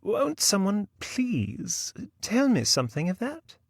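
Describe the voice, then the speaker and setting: Brief: grandmotherly old woman novelist, curious and high-voiced, read by a man, storybook reading. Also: wildly swooping pitch, slow, vocal fry, slightly rough, no room sound, studio quality, exaggerated voice. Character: elderly female British novelist, grandmotherly, curious.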